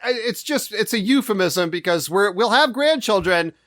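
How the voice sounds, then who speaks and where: High-voiced wry podcast co-host man. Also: lively intonation, moderate pace, fairly bright tone. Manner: wry, joking delivery while reading out research. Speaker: co-host presenting the history segment. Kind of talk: casual podcast chat.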